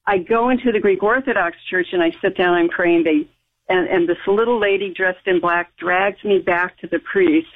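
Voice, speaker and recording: A woman's voice: lowish voice, moderate pace. Woman telling a story over a phone line. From United States. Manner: rambling, emphatic, with frequent restarts and laughs. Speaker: guest. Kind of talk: recounting a personal story in conversation. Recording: tinny phone-line audio.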